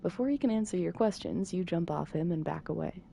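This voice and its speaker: A woman reads a visual novel aloud in a calm, unhurried bedtime manner. Her voice sits low and mellow, with a gravelly fry, and she drops in dry little asides. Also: slight background noise. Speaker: narrator reading a visual novel. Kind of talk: soft bedtime narration.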